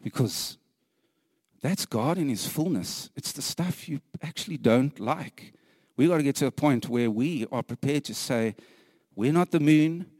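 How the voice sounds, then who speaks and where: Man preaching, very slow delivery, earnest and emphatic, hushed whispers at times, dry close sound. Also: medium pitch, expressive, breathy edge, no echo, big-room sound. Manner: repeats phrases, laughs lightly between points. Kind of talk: sermon.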